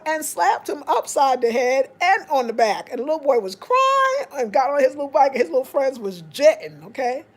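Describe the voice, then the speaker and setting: An African American woman spins a casual story for her viewers. She talks in a slightly high voice and jumps into animated, raised voices when she quotes people. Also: moderate pace, few pauses. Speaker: vlogger.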